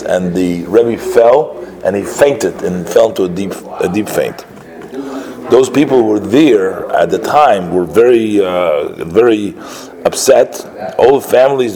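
Halting, slightly low-voiced male storyteller. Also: a little mellow, rough recording. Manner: halting, with many filler sounds and restarts. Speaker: religious storyteller. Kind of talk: storytelling lesson.

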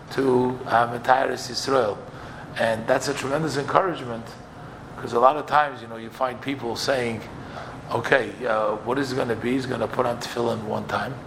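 Man, gravelly voice, Torah teacher, walks through texts step by step, faint ambience behind. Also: mid-range voice, a bit bright, slight background noise. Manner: explains texts step by step, quoting and translating. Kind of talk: Torah class.

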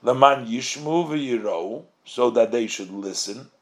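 A man's voice: medium pitch, expressive, measured pace. A man teaching a religious text study lesson, reading short Hebrew phrases and translating them line by line, asking and answering his own questions. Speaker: Torah teacher.

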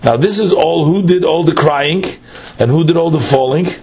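A man's voice: on the high side, moderate pace, a crowd in the background. A man, teaching a text study lesson: he reads phrases aloud, then explains them line by line with patient questions.

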